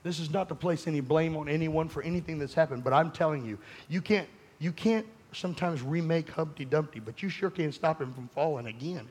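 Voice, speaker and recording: A male pastor preaching a sermon, fervent and conversational, rising to shouts and speaking directly to his congregation. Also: fairly high pitch, fairly quick, hardly any pauses, slightly rough.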